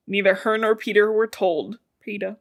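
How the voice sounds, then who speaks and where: A woman's voice: medium pitch, fairly even intonation, normal speed. A young woman podcast co-host retelling a novel's plot in casual chat, swearing freely and acting out the characters' lines. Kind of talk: casual book recap chat.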